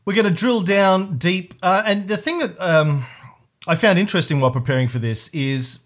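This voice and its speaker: A man's voice: sits high, moderate pace. A man co-hosting a history podcast in casual, rambling chat, cursing freely, with many fillers and restarts. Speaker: podcast co-host.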